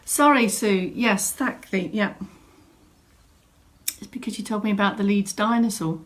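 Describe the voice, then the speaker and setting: A woman fitness instructor, speaking at medium pitch and a slightly slow pace, welcomes viewers by name as her live online class begins. She's chatting from a home room arranged as a studio.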